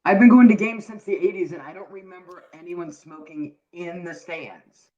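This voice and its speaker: A woman's voice: fairly low pitch, moderate pace, warm tone, muffled recording. A middle-aged woman co-hosting a casual live podcast, telling stories in a wry, easygoing way. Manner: storytelling, wry, laughs easily. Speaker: podcast co-host. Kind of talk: casual live-stream chat.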